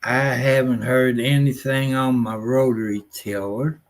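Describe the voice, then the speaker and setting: Live-stream host, older man, unhurried folksy rambler with a plain middle-pitched voice. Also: flat delivery. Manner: folksy, rambling, grumbling, with rural nonstandard grammar. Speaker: livestream host.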